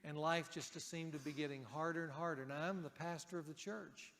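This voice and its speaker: Pastor guy giving a sermon, chatty, goes loud then real quiet, slightly high voice, echoey church. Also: steady tone, a little fast. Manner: conversational preaching, rising for emphasis and dropping soft for key points.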